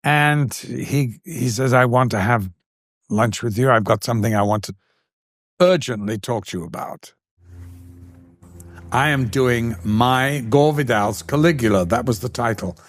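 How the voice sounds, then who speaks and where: An older Englishman recounts stories from his career with lively animation, slipping into the voices of the people he describes. The sound is dry and close, with no room echo. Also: mid-range voice, measured pace. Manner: animated, acts out quoted voices in anecdotes. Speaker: actor and guest. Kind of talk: anecdotal storytelling.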